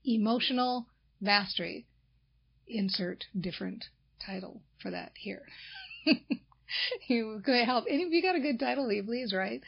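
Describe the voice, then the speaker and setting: A woman's voice: a little high, normal speed, gravelly, breathy edge, dull audio. A woman coaching her listeners through a motivational talk, earnest, acting out sample sentences for them to say.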